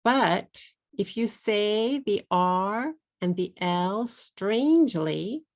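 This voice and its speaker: A woman with a Texas accent teaching English pronunciation, saying each word slowly and repeating it for learners. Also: medium pitch, expressive. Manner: slow, drawn-out model words, repeated for learners. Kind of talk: pronunciation lesson.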